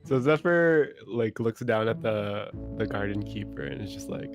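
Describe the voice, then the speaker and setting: A man's voice: fairly low pitch, moderate pace, hardly any pauses, music in the background. A man playing in a tabletop role-playing game, hesitant and often laughing as he describes his character. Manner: hesitant, laughing, lively delivery. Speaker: player. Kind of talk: casual tabletop play.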